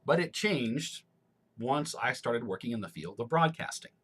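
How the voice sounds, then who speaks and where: A man from Missouri, a former radio announcer, talking casually through an accent tag in measured, clear announcer diction with a broadcast accent. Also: mid-range voice, lively intonation, a bit bright. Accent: General American broadcast, Missouri roots. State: allergies, throat clearing.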